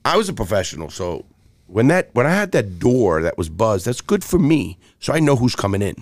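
A middle-aged man spins profane, swaggering stories in a casual interview, talking bluntly and restarting often. His voice sits low but leaps around with lively swings. The sound is close and dry, with no room around it. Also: fairly quick, dry recording. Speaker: podcast guest, former jewel thief.

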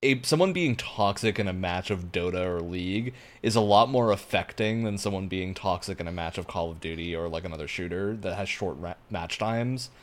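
A man's voice: deep voice, brisk, hardly any pauses. A man co-hosting a casual gaming podcast, talking through his points at length with frequent fillers. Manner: thoughtful, explains at length with fillers. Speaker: podcast co-host, game developer. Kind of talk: casual panel chat.

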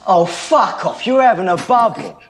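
A man's voice: high voice, lively intonation, moderate pace. An actor playing a young male football hooligan with a Cockney accent, talking in a curt, swearing, dismissive way. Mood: hostile. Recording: faint background noise in a film clip.

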